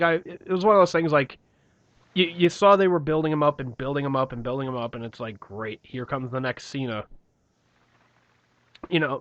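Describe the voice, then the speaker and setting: A man's voice: on the high side, a bit bright. A young man co-hosting a podcast, telling rambling stories with lots of swearing. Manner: rambling storytelling, heavy swearing. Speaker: podcast co-host. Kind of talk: casual chat. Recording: dull lo-fi, dry.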